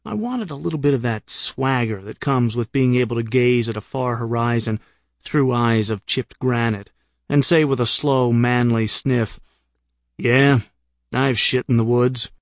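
An American man narrates his own comic travel memoir in first person, telling it in a dry, wry way. He reads close to the mic in a mid-range voice at a moderate pace, with no room sound.

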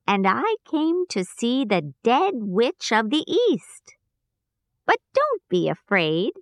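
A woman voicing a kind little old female good witch, speaking gently and reassuringly. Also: a little high, no room sound, studio quality, heavily acted.

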